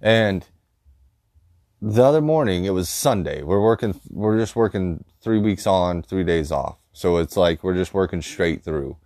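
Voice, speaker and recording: A man rants bluntly about his day, swearing constantly. His voice sits a little low. The recording is dry and close, with no room echo. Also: unhurried, darkish tone. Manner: angry, heavy swearing, blunt. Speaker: vlogger. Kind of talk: profane storytelling rant.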